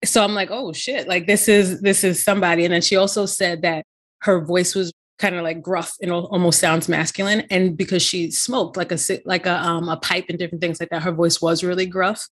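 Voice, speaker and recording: Middle-aged woman, low-pitched, chatty storytelling, frequent asides. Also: little pitch movement, brisk. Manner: chatty, frequent "you know" and "right?" asides. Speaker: podcast co-host. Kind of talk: casual storytelling.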